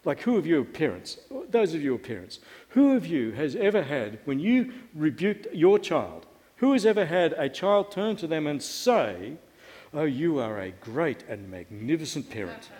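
His voice is a little high and somewhat mellow, with a sing-song lilt at normal speed, ringing through the long reverb of a church hall. The middle-aged pastor preaches in a wry, conversational manner and asks his congregation questions.

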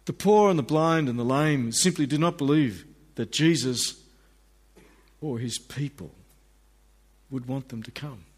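A man's voice: medium pitch, a little slow, long pauses, breathy edge. A middle-aged man, preaching a sermon and acting out the people in his stories. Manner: animated, acts out voices of people in the stories.

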